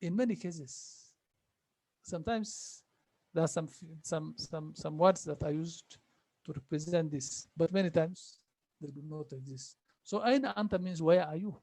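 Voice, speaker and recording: A man teaching an Arabic class, repeating phrases slowly and patiently for his students. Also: on the high side, darkish tone, no room sound. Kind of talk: online language class.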